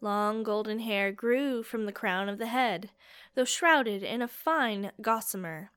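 A woman narrating a fantasy audiobook in a slow, measured, dramatic way. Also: mid-range voice, fairly bright tone, clear, resonant tone.

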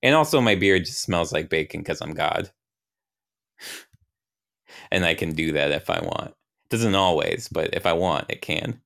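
A man narrating an improvised role-play game, halting and restarting as he goes. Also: low voice, lively intonation, creaky, fairly bright tone.

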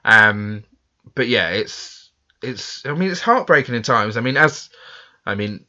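A man's voice: medium pitch, animated, unhurried, sharp tone, lo-fi sound. A man from England hosting a podcast, chatting casually and a bit self-deprecatingly, with lots of fillers. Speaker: podcast host. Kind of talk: casual chat.

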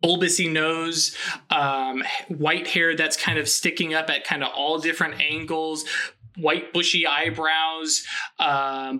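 A man narrating a tabletop role-playing game as game master, rambling and amused with many pauses. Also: fairly high pitch, pushed and bright.

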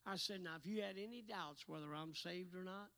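A man preaching a revival sermon, swinging from hushed asides to shouted exhortations. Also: high voice, a little fast, gravelly, low-quality recording.

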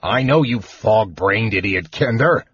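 Man doing a gruff, grumpy old dwarf. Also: fairly low pitch, lively intonation, a little slow, a bit bright, muffled recording, exaggerated voice. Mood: grumbling. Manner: gruff and irritable.

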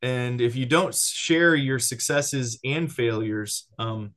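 A man who has a child, teaching casually about discipleship in an animated way, often restarting and checking in with "right?". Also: mid-range voice, takes it slowly. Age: adult with a child.

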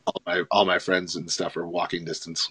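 A man hosting a casual livestream chat, animated and quick, laughing often. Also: sits low, breathy edge. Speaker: host.

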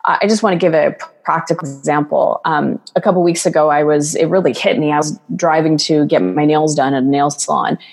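A woman with a somewhat low voice talks as a podcast guest coach. She speaks earnestly and loosely, with lots of fillers as she tells her stories. Her voice carries a long, reverberant room echo. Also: fairly even intonation, brisk, creaky, hardly any pauses, darkish tone, slightly rough. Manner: earnest, storytelling with many fillers. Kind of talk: conversational podcast interview.

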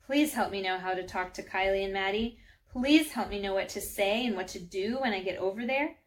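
A woman's voice: mid-range voice, brisk, lightly acted. A woman voicing a young schoolgirl who prays in an earnest, hesitant way, in a storybook reading.

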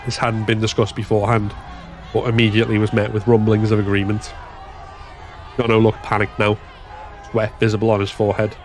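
A man giving a steady, measured scripted narration of a story. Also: fairly low pitch, some chatter behind.

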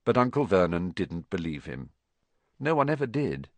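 A man reading a children's novel aloud as an expressive, measured audiobook narrator. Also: sits low. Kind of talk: scripted storybook narration.

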